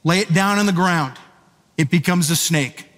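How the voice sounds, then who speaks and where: Firm, patient God a pastor's plain take, slightly high voice, with a long hall reverb. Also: male voice, normal speed, fairly bright tone. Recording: echoey hall.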